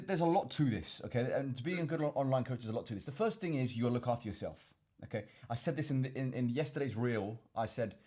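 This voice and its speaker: A man's voice: mid-range voice, a little mellow. A young man with an English accent, hosting a casual fitness Q and A and rambling with lots of repeated words. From England. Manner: rambling, repeats words, addresses viewers as chaps. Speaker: fitness coach and vlogger. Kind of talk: casual Q and A to camera.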